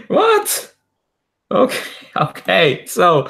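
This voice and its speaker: Guy running a tabletop game, rambly, lots of kinda and like, normal pitch. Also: unhurried, fairly bright tone. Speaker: game master.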